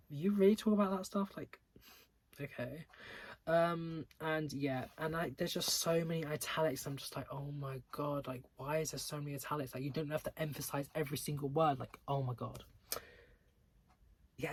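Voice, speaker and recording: A man's voice: a little high, dry recording. A young man reviewing books in a casual video, full of filler words and restarts, with exasperated, dramatic outbursts. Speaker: book reviewer.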